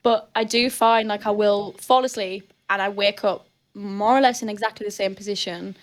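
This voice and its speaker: A woman's voice: medium pitch, steady tone, moderate pace. A young woman with a northern English accent, a guest on a casual podcast interview who talks in a chatty way, full of fillers and restarts. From Britain. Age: young adult. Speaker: guest athlete.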